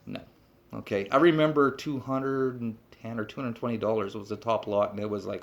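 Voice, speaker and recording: A man holds forth to camera in a blunt, animated way, swearing freely. He tags his points with rhetorical questions and talks like an instructor who has said it all before. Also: fairly low pitch, a little fast, gravelly. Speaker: trapping instructor. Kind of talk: blunt off-the-cuff talk to camera.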